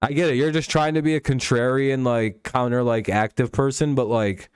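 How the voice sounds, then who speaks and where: A young man hosting a casual talk stream argues heatedly and profanely, repeating himself and restarting often. His mid-range voice is smooth with fairly even intonation and a moderate pace, captured in a dry, studio-quality recording.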